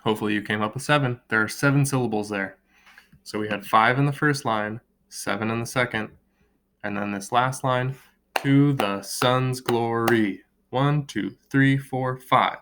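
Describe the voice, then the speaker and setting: A young man teaching a recorded lesson to children, explaining patiently and slowly drawing out words to count their beats. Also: medium pitch, a bit bright, a little hiss or hum. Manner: slow, drawn-out word clapping and counting; friendly, patient classroom explaining.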